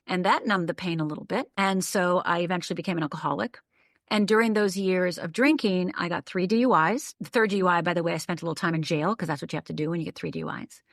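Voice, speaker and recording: A woman's voice: fairly low pitch, vocal fry, a bit bright, no echo, clean studio sound. An older woman from the northern United States telling a personal story as a podcast guest, vivid, detailed and emphatic. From Upper Michigan, USA.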